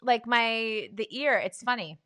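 A woman co-hosting a live chat, animated and quick to laugh. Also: fairly high pitch, no echo. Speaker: co-host. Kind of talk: casual chat.

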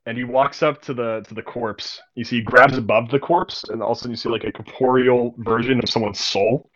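A man's voice: medium pitch, fairly even intonation, a little fast, lo-fi sound. A young man narrating a tabletop game as game master, describing scenes casually and vividly with many fillers.

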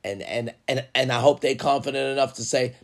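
A man giving casual motivational talk, preaching emphatically and swinging from low murmurs to loud urging. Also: brisk. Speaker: motivational vlogger.

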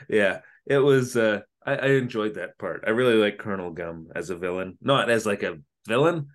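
A man's voice: on the low side, measured pace. Jokey man recapping an episode. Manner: animated storytelling, jokey. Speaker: podcast co-host. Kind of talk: casual comedic recap chat.

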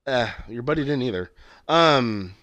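A man's voice: mid-range voice, lively intonation, measured pace, a bit bright, dry recording. Rambling, swearing man recapping a show. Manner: rambling, swears a lot, many fillers and restarts. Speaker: podcast co-host. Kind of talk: casual chat recapping a TV show.

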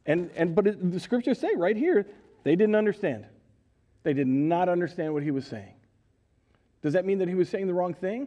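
A middle-aged man preaching a sermon in a church, telling the story with animated voices and questions to the congregation. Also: on the high side, moderate pace, highs cut off. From United States. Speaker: pastor. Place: church sanctuary.

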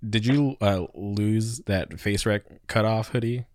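A man's voice: lowish voice, slow, a little mellow, dry recording, studio quality. A man interviewing in a casual chat, asking questions with stammers and restarts.

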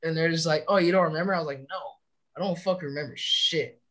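Young soldier from California, slightly high voice, swearing storyteller, loose casual chat. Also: male voice, quick pace, a bit bright. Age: young adult. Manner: profane, rambling storytelling. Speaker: soldier podcast guest.

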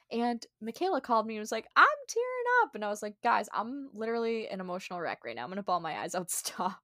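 A woman's voice: medium pitch, no echo, studio quality. A young woman hosting a solo podcast, talking in an earnest, encouraging, chatty way with many fillers. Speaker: podcast host. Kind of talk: casual solo podcast talk.

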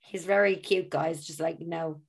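A woman's voice: sits low, steady tone, unhurried, creaky, a crowd in the background. A woman co-hosting a podcast, chatting casually, teasing her friend, laughing often and swearing now and then. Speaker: podcast co-host. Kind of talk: casual chat.

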